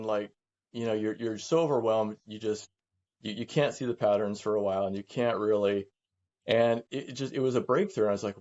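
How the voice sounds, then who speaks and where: A middle-aged man speaking candidly as a guest, halting and reflective, often repeating words as he works through his thoughts. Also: on the low side, a little mellow, lo-fi sound. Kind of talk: candid conversation.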